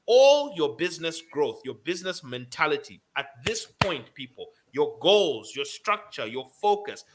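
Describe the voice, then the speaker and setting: A man's voice: on the high side, big pitch swings, unhurried, background noise. A man hosting a radio business show, giving emphatic advice and repeating his key points. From Zambia.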